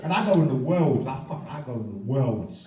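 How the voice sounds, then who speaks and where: Crude, lively comedian on stage. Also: male voice, medium pitch, fairly quick, distant mic, lo-fi sound. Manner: crude, rowdy, laughs through his lines. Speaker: stand-up comedian. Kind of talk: stand-up comedy set. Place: comedy club with live audience. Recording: echoey room, from afar, loud crowd.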